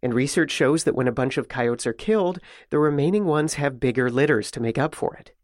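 A man's voice: mid-range voice, dry recording. Man reporting news in a dry studio. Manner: measured, even storytelling delivery. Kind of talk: scripted news narration. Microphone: close studio mic.

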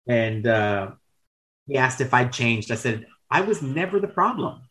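A man's voice: mid-range voice, big pitch swings, a little slow, fairly bright tone, rough recording. A man in his thirties telling candid, rambling stories as a podcast guest, with casual swearing and self-corrections. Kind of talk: casual storytelling chat.

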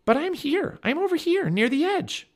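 A man doing an eager little girl, high and bright. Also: moderate pace. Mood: excited. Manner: high excited calls. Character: eager brave young girl.

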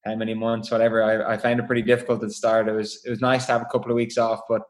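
Fast-talking flat-toned male guest. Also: fairly low pitch. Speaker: guest athlete. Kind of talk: interview on a call.

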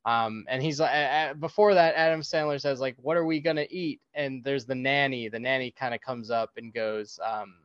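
A man co-hosting a podcast, chatting casually about a movie in an animated way and laughing often. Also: moderate pace, few pauses, clear, resonant tone, no echo, lo-fi sound. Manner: animated, acts out quotes in high silly voices, laughs often. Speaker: podcast co-host.

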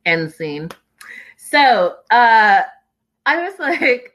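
Bright-voiced chatty woman recapping a show. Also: on the high side, sing-song, very slow, long pauses, poor audio. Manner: chatty and opinionated, many "like"s. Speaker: reality show recap host. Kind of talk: casual recap chat.

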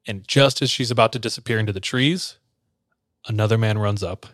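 A man's voice: fairly low pitch, fairly quick, fairly bright tone, no echo, studio quality. A man hosting a podcast, casually retelling a story and slipping briefly into the characters' voices. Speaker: podcast host telling a story.

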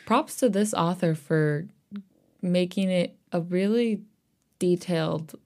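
Woman, podcast co-host, low pitch, mellow tone, casual reading aloud, giggly asides. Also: takes it slowly. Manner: reads aloud, breaking into laughter and asides.

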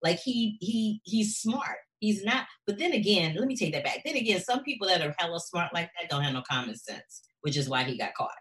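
A woman co-hosting a casual recap chat, talking in an animated way and acting out characters' lines. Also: lowish voice, brisk, few pauses. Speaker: show co-host.

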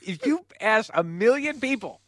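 A man's voice: high voice, expressive, normal speed, bright, forceful tone, no room sound, studio quality. A man co-hosting a casual sports podcast, telling stories in a wry, teasing way. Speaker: podcast co-host. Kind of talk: casual chat.

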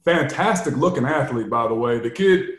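A man in his forties, a sports show host and former football player, telling candid stories in casual sports talk with animated quotes. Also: medium pitch, normal speed, roomy sound.

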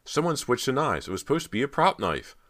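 A man reading an audiobook voices a nervous young actress who turns shrill when upset. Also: huge pitch swings, normal speed, a bit bright, exaggerated voice. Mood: panicked. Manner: high, shrill protests.

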